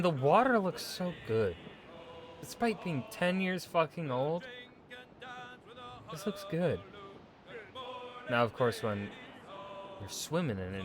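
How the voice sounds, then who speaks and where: A man streaming a video game, chatting casually to himself and viewers, swearing freely and cracking jokes. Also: medium pitch. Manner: profane, joking, talks to himself. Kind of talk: casual gameplay commentary.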